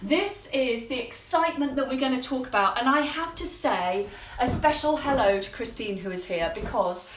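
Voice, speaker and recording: Woman, high voice, chatty live-stream host, upbeat, echoey kitchen, faint background noise. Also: moderate pace. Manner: chatty and upbeat, addresses viewers by name. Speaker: host of a live cleaning-product show. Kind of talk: casual live-stream chat. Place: home kitchen.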